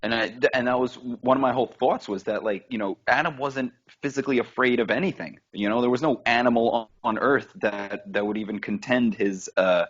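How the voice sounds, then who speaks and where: A man co-hosting a casual talk show, rambling and animated, telling stories packed with fillers and the odd curse word. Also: mid-range voice, a little fast, hardly any pauses, lo-fi sound. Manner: rambling, animated storytelling with lots of fillers and swearing. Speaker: podcast co-host. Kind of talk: casual chat.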